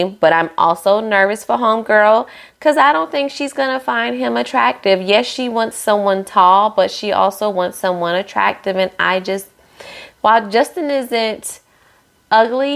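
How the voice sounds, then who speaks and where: A woman's voice: medium pitch, gravelly. A woman recapping a reality show in a chatty, sassy way, with playful asides to her viewers.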